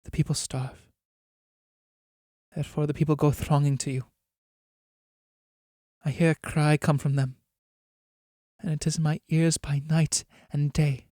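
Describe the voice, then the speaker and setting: A man voicing a noble, selfless countess in a quiet, solemn and restrained way. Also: on the high side, level tone, measured pace, long pauses, no echo, clean studio sound, close to an everyday voice.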